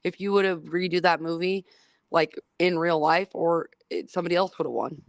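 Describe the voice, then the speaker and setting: A woman's voice: fairly low pitch, steady tone, moderate pace, gravelly, no echo. A woman co-hosting a casual movie review chat, rambling and profane, laughing often, with a smoker's cough. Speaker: podcast co-host.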